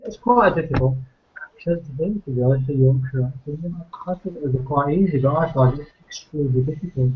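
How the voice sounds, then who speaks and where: A man's voice: a little high, quick pace, narrow, tinny audio, a little hiss or hum. A man chatting casually with friends online, telling stories and laughing along. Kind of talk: casual banter.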